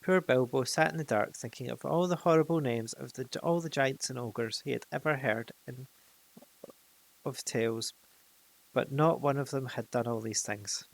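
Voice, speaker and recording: A man's voice: mid-range voice, moderate pace, creaky, rough recording. A man reading a fantasy storybook aloud, with occasional slips and restarts. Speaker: narrator.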